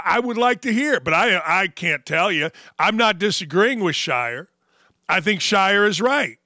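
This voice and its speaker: A man hosting a sports talk show, ranting with sarcasm and animated swings. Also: sits high, no echo, studio quality.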